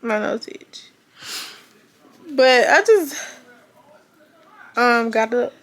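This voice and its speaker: A young woman vlogging casually to her viewers on a phone camera, excitable and chatty. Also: on the high side, extremely slow. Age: young adult. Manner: excitable, talks to viewers as y'all. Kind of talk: casual vlog chat.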